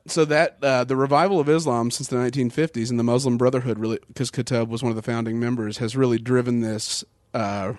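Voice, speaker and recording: A man's voice: mid-range voice, dry recording, studio quality. A man co-hosting a podcast, laying out facts at length in casual talk with fillers. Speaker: podcast co-host. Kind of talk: casual political chat.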